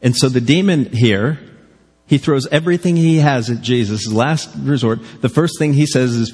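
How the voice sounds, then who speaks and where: A man preaching from the pulpit with a husky, slightly breathy voice, his words trailing off into the long reverb of a church hall. He is earnest and keeps pressing the congregation with direct questions. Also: mid-range voice, normal speed, darkish tone. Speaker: pastor. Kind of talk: sermon. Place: church sanctuary.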